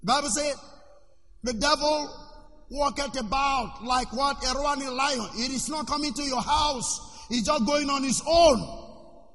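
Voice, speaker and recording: A man, a pastor preaching a sermon with sudden shouts and questions to the congregation. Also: very high-pitched, unhurried, long reverb tail, slight background noise. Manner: preaching with shouts and call-and-response.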